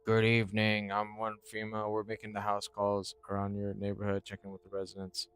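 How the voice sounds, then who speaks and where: A man voicing a male government agent who speaks quickly in a flat, officious way. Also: lowish voice, clear, resonant tone, lightly acted. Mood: official.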